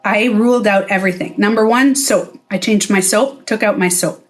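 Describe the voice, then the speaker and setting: A woman's voice: medium pitch, moderate pace, soft background music. A middle-aged woman, a former spa owner, talking straight to camera in a casual vlog. She is blunt, swears freely and acts out the voices she quotes.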